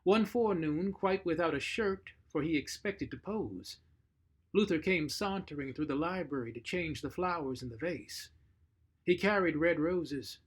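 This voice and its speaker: A man reading a short story aloud, measured and expressive. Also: fairly high pitch, slightly rough. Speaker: narrator.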